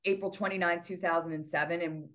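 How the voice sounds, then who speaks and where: A woman's voice: fairly low pitch, steady tone, quick pace, a bit bright. A middle-aged woman, a podcast guest and author, earnestly retelling a painful family loss with many fillers. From United States. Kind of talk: interview storytelling.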